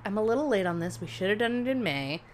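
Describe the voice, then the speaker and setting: A woman's voice: medium pitch, lively intonation, quick pace. Woman, casual podcast chat, laughs while talking, slight noise. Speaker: podcast co-host.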